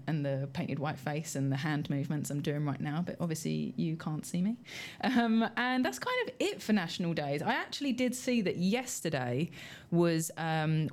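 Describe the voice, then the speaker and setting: A young British woman hosting a radio show, chatty and casual, with plenty of ums and light laughs. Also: low voice. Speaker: radio host.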